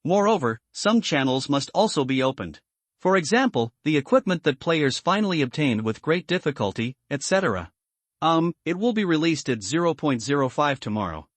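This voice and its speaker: This recap narrator, a man with a higher-leaning voice, reads a translated comic story at a moderate pace. His manner stays steady and even, with no room sound in the recording.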